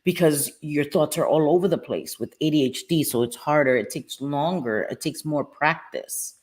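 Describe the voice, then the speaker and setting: During her live stream, a woman speaks frankly and from the heart to viewers about getting through recovery. Her low-pitched, darkish voice keeps a moderate pace, and she addresses people by reading their names aloud.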